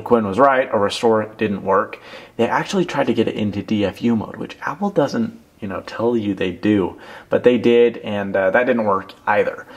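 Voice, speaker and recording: A young man talking casually through a product review, telling a rambling self-deprecating story while handling a phone case. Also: on the low side. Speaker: tech reviewer.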